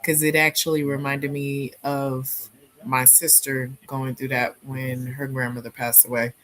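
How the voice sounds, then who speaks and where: Woman, book club regular; unhurried, rambling delivery full of fillers, low register. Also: flat delivery, fairly bright tone, low-quality recording. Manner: rambling, hesitant, many fillers. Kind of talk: casual book chat.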